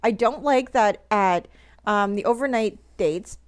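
A woman's voice: medium pitch, unhurried. A woman co-hosting a podcast who chats casually while recapping a TV show, giggling often as she tells it. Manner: giggly, chatty, animated storytelling. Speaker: podcast co-host.

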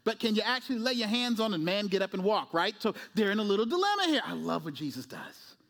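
A male pastor preaching a sermon in an animated way, acting out voices and often asking "right?". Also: high-pitched, fast, vocal fry.

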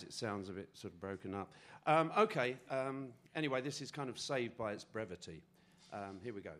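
A man's voice: medium pitch, heavy background noise. A male comedy musician on a live stage, chatting loosely to the audience and singing a comic song, self-deprecating and offhand. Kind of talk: stand-up patter and comic song. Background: audience laughter.

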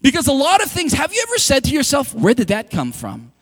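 High-voiced animated male pastor. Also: a little fast. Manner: animated, conversational, acts out quoted dialogue. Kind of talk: sermon. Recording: long hall reverb.

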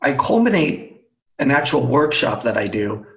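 A man, a team storytelling coach, telling a lively anecdote as a guest in a webcast interview, acting out the dialogue as he goes. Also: medium pitch, normal speed, creaky, rough recording. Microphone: video call.

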